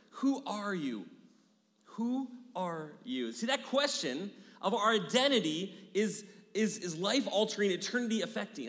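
A man in his thirties preaching a sermon in a church, energetic, repeating key phrases and dropping into hushed asides. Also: high-pitched. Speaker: pastor. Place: church sanctuary. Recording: long hall reverb.

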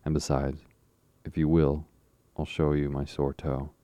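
A man's voice: extremely low pitch, flat delivery, unhurried, mellow, dry recording. A man reading the part of a timid, fearful young boy who speaks in a rural dialect.

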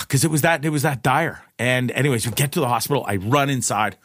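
A man's voice: fairly quick, no echo, clean studio sound. Profane man telling a rambling story. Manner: profane, rambling, restarts often; animated retelling, pitch jumps in quoted lines. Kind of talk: casual personal anecdote.

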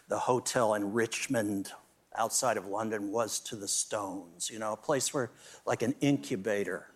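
An older man, a drummer guest on a talk show, telling band stories with many restarts and fillers. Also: fairly low pitch. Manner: rambling anecdotes with many restarts and laughs. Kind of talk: storytelling in a talk-show interview.

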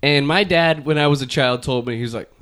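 A man's voice: mid-range voice, fairly quick, fairly bright tone. A man hosting a comedy podcast in casual banter, joking and doing impressions of people. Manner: jokey, does impressions of people. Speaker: podcast host.

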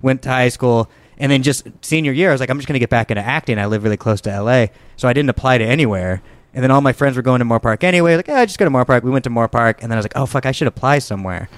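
A man's voice: mid-range voice, rapid-fire, clean tone, dry recording. Chill young guy from socal telling stories on a podcast, dry close sound. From Southern California. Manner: laid-back storytelling with cursing. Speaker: podcast guest. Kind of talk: casual chat.

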